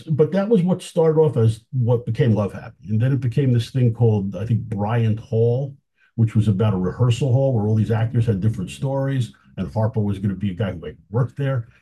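Dark husky man, lively storytelling. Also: medium pitch. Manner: enthusiastic, anecdotal, chuckles often. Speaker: film historian guest. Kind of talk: casual interview chat.

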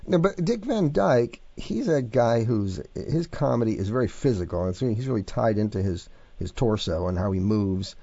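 A man hosting a book interview, speaking in a measured, conversational way. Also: medium pitch, animated, warm tone, dry recording, highs cut off. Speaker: host. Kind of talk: interview host.

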